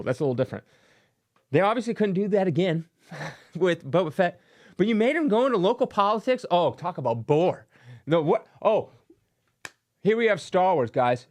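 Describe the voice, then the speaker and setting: Creaky-voiced man ranting sarcastically. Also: fairly high pitch. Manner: sarcastic, mocking, acts out silly voices. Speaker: comic collector channel host. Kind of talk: casual opinion rant.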